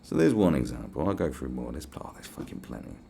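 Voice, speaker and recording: A man's voice: a bass voice, fast talker, vocal fry, a little hiss or hum. A young man hosting a podcast, telling stories in a casual, swearing rant and acting out quotes. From England. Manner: animated, swearing, acts out quotes in raised voices. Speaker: podcast host.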